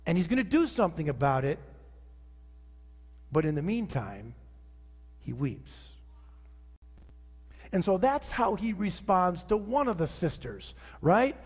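Male pastor, sermon delivery, animated with sudden quiet drops, high voice, reverberant hall. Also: moderate pace, slightly rough. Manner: animated preaching, rising to outrage then dropping soft.

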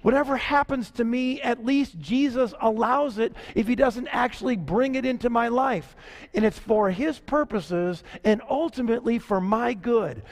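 High-voiced pastor preaching in a reverberant hall. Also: male voice. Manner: conversational preaching, slowing down to stress key lines. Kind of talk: sermon.

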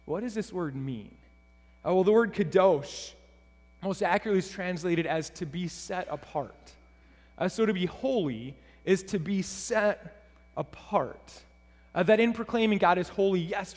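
High-voiced pastor preaching in a reverberant hall. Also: male voice, moderate pace, darkish tone. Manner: earnest, repeats words and restarts phrases. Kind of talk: sermon.

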